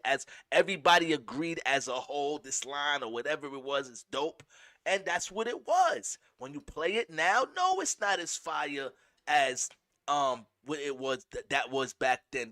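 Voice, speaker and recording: A man hosting a show, giving casual commentary, animated and slangy, often restarting his sentences. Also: a little high, dry recording. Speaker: podcast host.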